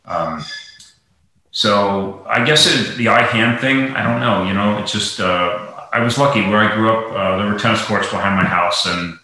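A man's voice: lowish voice, normal speed, sharp tone. A man talking as a guest in a casual interview, rambling with many fillers and restarts. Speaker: guest, golf professional. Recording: very echoey room.

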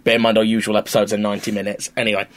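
A man's voice: on the low side, little pitch movement, very fast. A man co-hosting a podcast in casual chat, blunt and opinionated, with plenty of swearing. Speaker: podcast co-host.

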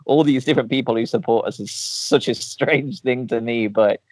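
A man's voice: mid-range voice, normal speed, no echo. A man from England hosting a casual podcast, talking easily and asking his guest questions. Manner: relaxed, laughs while talking, asks guest questions. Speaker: podcast host.

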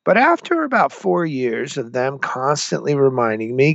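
A man's voice: medium pitch, normal speed, gravelly, no room sound. A man, a former military commander, telling stories animatedly as a guest in an interview. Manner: animated storyteller, acts out quotes. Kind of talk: interview storytelling. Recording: dull lo-fi sound.

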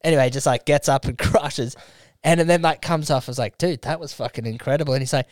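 A male comedian on a casual podcast, telling a story in a relaxed, low-key way. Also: quick pace, no echo, clean studio sound. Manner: relaxed, quiet storytelling with quoted asides. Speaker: stand-up comedian guest.

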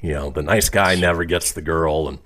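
A man's voice: rumbling low, moderate pace, a bit bright. A man hosting a casual comedy radio show, reading listener posts aloud and chuckling often. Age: adult, calls himself officially old.

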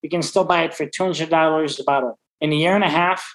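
A middle-aged man, a restaurant owner, talking brashly and profanely in a casual interview, full of excited stories. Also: a little high, fast, poor audio. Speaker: restaurant owner and wine expert.

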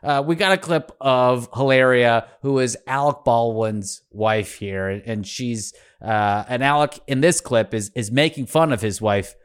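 A man's voice: medium pitch, unhurried, hardly any pauses, clean tone. A man hosting a podcast in casual, joking chat, laughing often and swearing freely. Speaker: podcast host.

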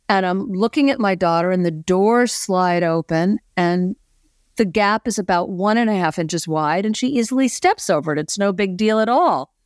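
A woman's voice: medium pitch, no room sound, clean studio sound. A middle-aged woman, a podcast guest, earnestly telling a personal story with lots of "you know" fillers.

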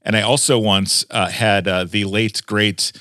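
A man's voice: lowish voice, steady tone, unhurried, sharp tone, dry recording, clean studio sound. A man, a radio host telling stories in a rambling casual chat. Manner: rambling storyteller with fillers.

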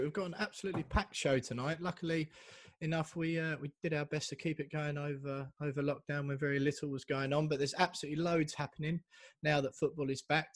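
A man from England hosting a football podcast, reading a formal intro and then chatting briskly with his co-hosts. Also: a little high, no echo. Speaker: podcast host. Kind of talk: casual chat with scripted intro.

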